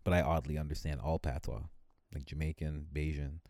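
A man's voice: steady tone, brisk, darkish tone, dry recording, studio quality. A man casually chatting and telling rambling stories, often mimicking other people. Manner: rambling storyteller, mimics people in high voices. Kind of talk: casual chat.

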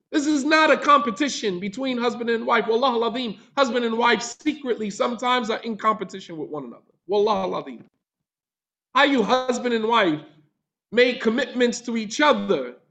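High-pitched guy teaching a religious class, reads arabic verses then translates, fires off rhetorical questions, kinda dull lo-fi sound. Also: pushed and bright.

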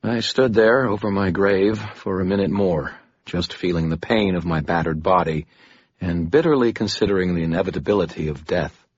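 A man narrating an audiobook in the first person, measured and brooding. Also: low-pitched, husky, dry recording, muffled recording.

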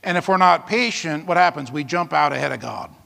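High-pitched folksy preacher man. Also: expressive, brisk, gravelly, sharp tone, in a large hall. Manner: folksy storytelling with laughs and asides. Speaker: pastor. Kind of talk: sermon.

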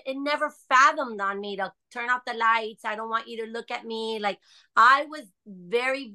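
A woman's voice: a little high, bright, forceful tone. A middle-aged woman from the United States, a podcast guest, telling a personal story earnestly and with emphasis, often asking "right?".

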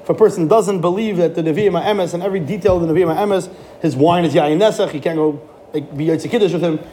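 A man giving a Torah class, animated, with rhetorical questions and frequent restarts. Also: a little high, quick pace, a little hiss or hum. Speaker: Torah teacher.

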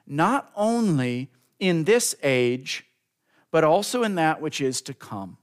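A man preaching a sermon, building to emphatic lines and drawing out key words slowly, speaking directly to the congregation. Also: a little high, smooth. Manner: preaching with rising emphasis and slow drawn-out stresses; addresses the congregation directly as folks. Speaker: pastor.

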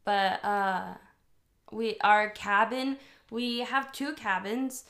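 A woman's voice: mid-range voice, steady tone, slow pace, fairly bright tone. A woman co-hosting a podcast in casual chat, chatty and giggly, rambling through stories.

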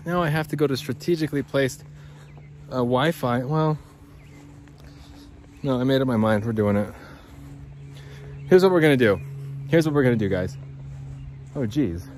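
A man's voice: mid-range voice, moderate pace, pauses often, a little mellow, a little hiss or hum. A man rambling and swearing through a podcast monologue as he walks outdoors by a creek. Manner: rambling, profane, talks to listeners as guys. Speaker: podcast host. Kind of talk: rambling walk-and-talk monologue.

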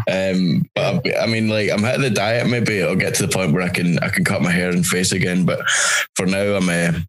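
Low-voiced man, rambling chat. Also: steady tone, poor audio. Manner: rambling, halting, self-mocking. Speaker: podcast co-host. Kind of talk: casual chat.

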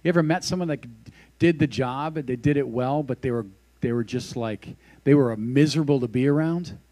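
A man's voice: medium pitch, normal speed, dark tone. A man who works at a church, giving a casual devotional sermon with scripture reading and a closing prayer. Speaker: pastor.

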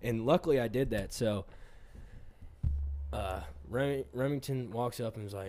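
A man's voice: mid-range voice, normal speed, a little mellow, a little hiss or hum. Profane rambling male storyteller. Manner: rambling, profane, laughs often, acts out quotes. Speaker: pipeliner telling stories. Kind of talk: casual storytelling chat.

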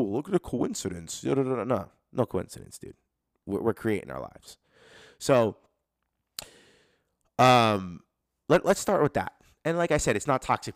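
A man with a fairly low voice hosts a solo podcast, ranting casually, swearing a lot, and acting out the inner voices of other people with animation. The recording is dry and of studio quality.

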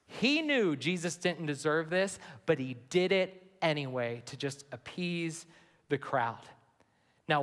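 A man's voice: high voice, a bit bright. A man, a pastor, preaching an earnest sermon to his church and reading scripture aloud. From United States. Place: large church sanctuary. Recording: long hall reverb.

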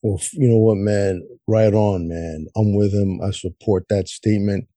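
A man talks politics in loose, profane chat, dropping "man" and "you know" everywhere. His voice sits low and mellow with a husky edge. The sound is dry and close. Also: steady tone, normal speed, dry recording. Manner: blunt, heavy swearing, says "man" often. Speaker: podcast co-host.

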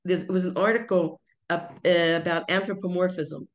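With a fairly low, steady voice that runs a little fast, an older woman recounts long stories to her son, her podcast co-host, in casual family chat. She restarts often and leans heavily on fillers.

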